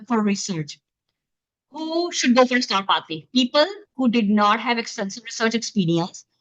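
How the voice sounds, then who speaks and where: A woman from Pakistan giving an online webinar talk as a physician-scientist, speaking quickly from her home through a computer mic set back from her. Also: on the high side, fairly bright tone, no room sound. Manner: fast-talking, explanatory. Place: home, in the middle of moving. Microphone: computer mic, not close. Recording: dull lo-fi video call audio.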